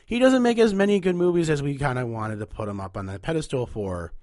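A man's voice: on the high side, expressive, quick pace, a little mellow. Nasal chatty male podcast host. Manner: chatty, rambling, upbeat. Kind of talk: casual movie ranking podcast.

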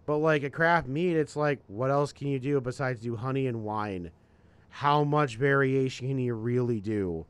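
Smooth-voiced man musing casually. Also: medium pitch, normal speed. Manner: rambling, profane, deliberating. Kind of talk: casual chat.

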